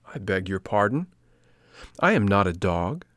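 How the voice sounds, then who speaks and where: A man's voice: fairly low pitch, big pitch swings, a little slow, fairly bright tone, no room sound. A man reading a storybook and voicing an earnest wooden puppet boy in a lifted voice.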